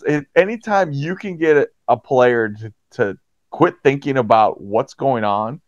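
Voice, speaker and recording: A man's voice: unhurried, no room sound. A man who works as a hockey referee, chatting casually in an interview and acting out quotes from players with big jumps in his voice. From Pittsburgh area, USA. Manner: animated storyteller, acts out quotes with jumps in pitch. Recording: dry, slightly dull podcast audio.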